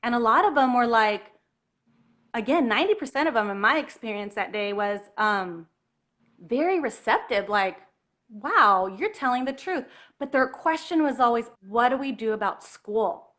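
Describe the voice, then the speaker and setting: Woman, fairly high voice, earnest, animated storytelling. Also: moderate pace. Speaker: guest telling her story. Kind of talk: emotional personal storytelling.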